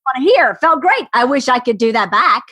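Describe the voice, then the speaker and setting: A woman's voice: sits high, lively intonation, fairly quick, bright, forceful tone. A middle-aged woman, a podcast guest in casual chat, frank and candid, swearing freely.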